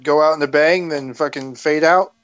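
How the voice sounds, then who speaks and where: A man chatting on a comics podcast, blunt and jokey, swearing as he riffs. His voice sits a little high for a man. A faint hum runs behind him. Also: steady tone, moderate pace, fairly bright tone, lo-fi sound. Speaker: podcast co-host. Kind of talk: casual chat.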